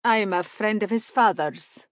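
A woman voicing a polite, otherworldly male stranger who speaks in a measured way. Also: medium pitch, no echo, clean studio sound, voice pushed up, lightly acted. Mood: courteous.

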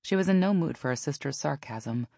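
A woman narrating a novel in an even storytelling manner. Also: low-pitched, a little fast, creaky, no echo, studio quality. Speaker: audiobook narrator. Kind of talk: scripted narration.

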